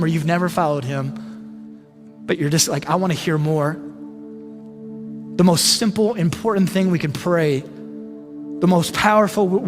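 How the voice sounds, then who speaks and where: Earnest man, high voice, halting sermon and prayer over music. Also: big-room sound. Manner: earnest, halting with frequent repeated words. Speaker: pastor.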